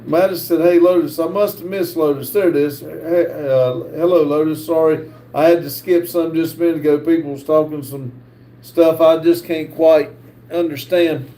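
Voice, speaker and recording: Man, North Carolina accent, middle-aged, live-stream host, halting chat reading, echoey room, faint hiss. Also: fairly high pitch, fairly even intonation, mellow. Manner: reads viewer comments aloud, halting with frequent "uh".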